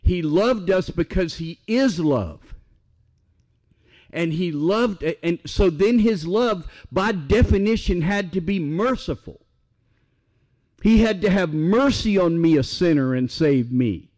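A man preaching a sermon in an unhurried, deliberate way. His voice sits a little higher than most men's. He keeps asking his listeners questions and then answers them himself, with real emphasis. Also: animated, a little mellow.

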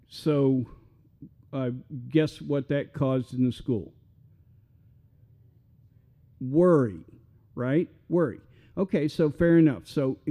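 A man's voice: fairly high pitch, warm tone. An older man, preaching a sermon in a folksy, repetitive way full of rhetorical questions. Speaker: pastor.

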